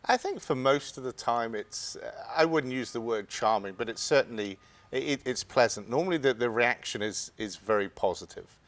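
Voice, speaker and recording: A man's voice: mid-range voice, normal speed, fairly bright tone. Hesitant Englishman with frequent restarts. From England. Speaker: guest. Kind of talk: interview conversation.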